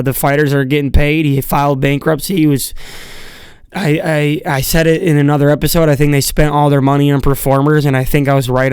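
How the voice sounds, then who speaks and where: A man's voice: fairly high pitch, a little mellow, clear, resonant tone, dry recording. A young man hosting a casual solo podcast, rambling with lots of fillers and casual swearing, sounding like he just woke up. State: just woke up, voice a bit groggy. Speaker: podcast host.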